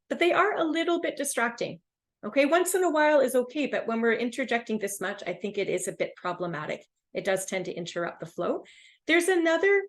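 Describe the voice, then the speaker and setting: Woman running a webinar lesson, upbeat and emphatic, mid pitch. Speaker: webinar instructor. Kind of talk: online lesson.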